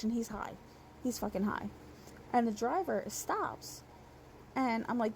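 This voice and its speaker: A woman's voice: a little high, measured pace, vocal fry, pauses often, slight background noise, poor audio. A young woman telling a rideshare story in a casual, exasperated rant, full of swearing and run-on sentences.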